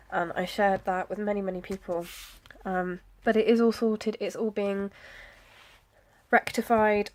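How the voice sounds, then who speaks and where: Chatty British woman narrating her planner. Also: mid-range voice. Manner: chatty and self-deprecating, with frequent fillers and soft asides. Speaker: planner vlogger. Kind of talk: casual chat.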